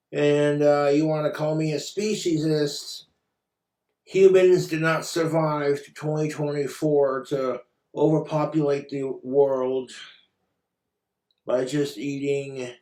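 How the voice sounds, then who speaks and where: Guy ranting on his vlog, swears constantly, sarcastic and fed up, kinda high voice, echoey room. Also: darkish tone. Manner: profane, sarcastic, exasperated. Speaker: commentary vlogger. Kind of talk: ranting commentary.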